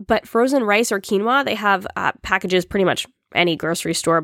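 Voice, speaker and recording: A woman's voice: on the low side, a bit bright, no echo, clean studio sound. A woman hosting a casual solo podcast, chatty and upbeat with small laughs, in her morning voice. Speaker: podcast host.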